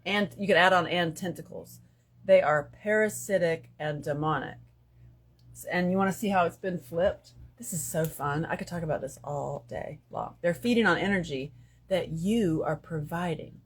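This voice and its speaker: Woman, live-stream host, casual spiritual talk, animated, loud then hushed, swears a lot, phone mic. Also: fairly low pitch, normal speed, slightly rough. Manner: animated, swings between loud bursts and hushed asides, profane.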